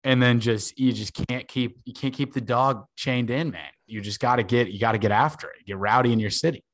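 Young male podcast co-host, joking and animated, dry booth sound. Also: mid-range voice, fairly quick, dry recording. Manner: profane, joking, animated storytelling. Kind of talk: casual podcast banter.

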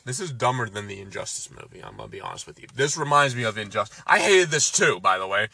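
A man's voice: lowish voice, wildly swooping pitch, fast talker, creaky, pushed and bright, slightly rough, no echo. Exasperated man ranting about a movie. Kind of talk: casual movie recap chat.

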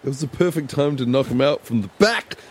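A man playing a tabletop game who describes his character's actions in a halting, soft-spoken way. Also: medium pitch, expressive, a little hiss or hum. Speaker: player.

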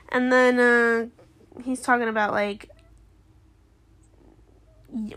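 A young woman recapping a TV episode in casual chat, animated and indignant, slipping into quick impressions of the characters. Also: fairly high pitch. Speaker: show reviewer.

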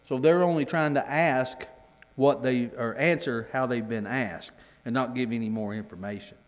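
A man's voice: mid-range voice, moderate pace, long reverb tail. A middle-aged man teaching a Bible class in a conversational way, often repeating his words as he explains the reading. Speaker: preacher.

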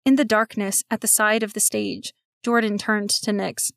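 A woman reading a children's story aloud, giving steady, expressive narration. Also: mid-range voice, normal speed, few pauses, no room sound, studio quality.

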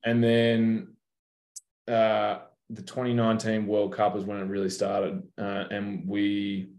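Low, flat-voiced Australian man, roomy sound. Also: slow. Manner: laid-back, swears freely, tells stories. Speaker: professional basketball player, guest. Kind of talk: casual interview chat. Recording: roomy echo.

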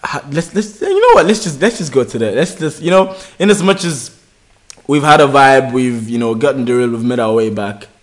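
A man's voice: medium pitch, sing-song, a little fast. A man co-hosting a podcast in casual chat, with a playful, bantering delivery. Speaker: podcast co-host.

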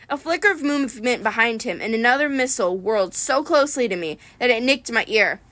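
A woman reading a first-person adventure novel aloud in a lively storytelling manner. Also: a little high, fairly quick, few pauses, dry recording. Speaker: reader.

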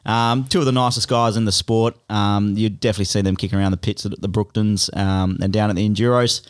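Laid-back Australian male host with halting, filler-heavy chat. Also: lowish voice, fairly even intonation, clear, resonant tone. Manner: loose, filler-heavy, laughing. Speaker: podcast host. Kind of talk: casual podcast chat.

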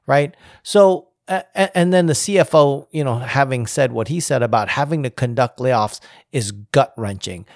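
A man giving casual spoken commentary on leadership, emphatic and climbing higher in pitch as he presses a point. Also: normal speed, few pauses, no room sound, clean studio sound. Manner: emphatic, rises in pitch when making a point.

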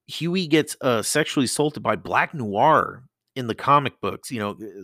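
A man's voice: medium pitch, bright, forceful tone, no room sound. A man hosting a casual solo podcast, rambling and swearing as he talks into a close mic. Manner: rambling, profane, laughs often. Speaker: podcast host.

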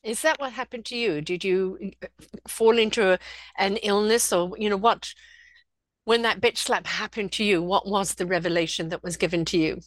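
An attentive woman interviewer with a mid-pitched voice asks questions and murmurs agreement. Her voice sounds dry and close, with no room around it. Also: normal speed, no room sound. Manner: attentive, frequent affirming murmurs.

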